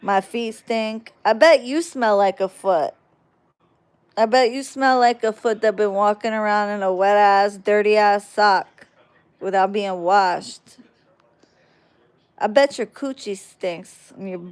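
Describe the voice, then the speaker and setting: A woman's voice: medium pitch, smooth. A woman livestreaming casually, reading chat aloud and trash-talking viewers in a brash, drawling way.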